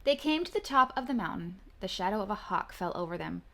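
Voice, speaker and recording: A mother reading a children's storybook aloud in a gentle, expressive way. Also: medium pitch, fast talker. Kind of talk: children's book read-aloud.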